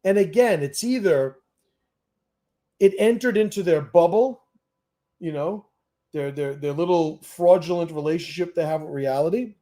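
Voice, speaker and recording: A man's voice: high voice, dark tone. A middle-aged man hosting a livestream Q&A, talking bluntly and emphatically, often swearing and restarting his sentences. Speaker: host. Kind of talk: livestream Q&A monologue.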